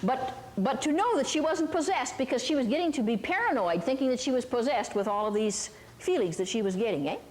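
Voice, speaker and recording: This older woman's voice sits high but has a darkish tone, with lively intonation and a fairly quick pace that leaves hardly any pauses, in big-room sound. She teaches a Christian ministry talk to a live hall audience, telling folksy stories with lots of asides and questions for her listeners.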